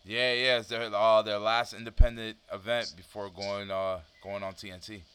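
A man's voice: on the low side, little pitch movement, moderate pace, fairly bright tone, a little hiss or hum. A man hosting a casual chat, laid-back and slangy, laughing often. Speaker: podcast host.

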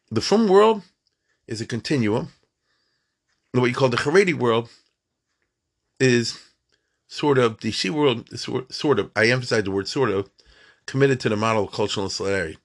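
A man's voice: medium pitch, fairly bright tone. A man giving an informal lecture on Jewish thought, asking rhetorical questions and often checking that listeners follow. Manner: conversational, rhetorical questions, frequent checks like "you see what I'm saying?".

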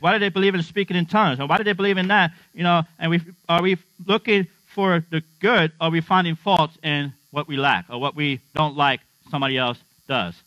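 A middle-aged male pastor gives a joking, conversational sermon in a fairly high, bright voice. The sound is dry and a little dull, with a faint mains hum behind him. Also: no room sound. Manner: humorous, conversational, asks the congregation questions. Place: church.

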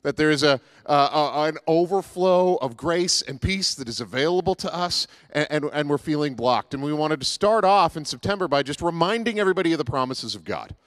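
A man's voice: fairly high pitch, animated, a little fast, hardly any pauses, no room sound. A man giving a casual, joking sermon as pastor, with many fillers and restarts.

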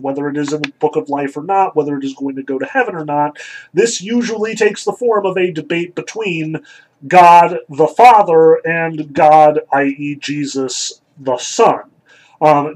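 A man lecturing on a literary text, pausing with ums and likes as he works through his points. His voice sits a little high and has a husky edge. He talks in a thoughtful, explanatory way. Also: poor audio. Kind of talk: lecture reading and analyzing a text.

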